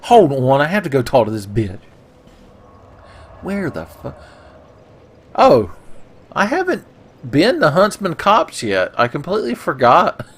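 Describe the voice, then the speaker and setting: A man's voice: on the high side, huge pitch swings, unhurried, pauses often, breathy edge. A man giving casual, sarcastic commentary over his own gameplay, swearing often and cracking jokes. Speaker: gaming video host.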